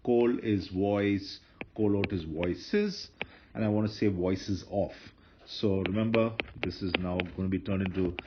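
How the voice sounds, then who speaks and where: In a patient Hebrew grammar lecture, this man speaks in a deep, steady voice, a little slowly, frequently going over points again and correcting his slips. Faint noise runs under the dull, lo-fi recording.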